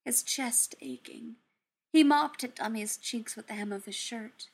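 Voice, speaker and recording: Woman softly reading a story. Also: a little high, a little slow, creaky, husky. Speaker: narrator. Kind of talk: fan fiction reading.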